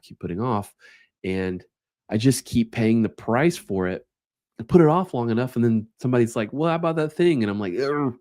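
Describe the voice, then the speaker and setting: A man's voice: lowish voice, a little mellow, no echo, studio quality. A man hosting a solo podcast, reading short quotes aloud and reflecting on them in a casual, thoughtful way. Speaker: podcast host.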